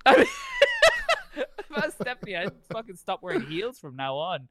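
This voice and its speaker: A man's voice: very high voice, moderate pace, no room sound. A man co-hosting a podcast in casual chat, laughing often and swearing heavily as he tells stories. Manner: laughing often, heavy swearing, animated storytelling. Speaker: podcast co-host.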